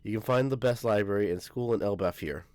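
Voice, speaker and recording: A man's voice: lowish voice, a little fast, darkish tone, dry recording. Man, comic read-aloud, casual reactions, self-correcting, dry close-mic sound. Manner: casual, stumbles and corrects his reading. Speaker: manga reaction youtuber.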